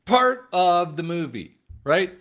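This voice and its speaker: A man's voice: high voice, very animated, slow, fairly bright tone. A male host giving casual political commentary, talking straight to his viewers. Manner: casual, addresses viewers as guys.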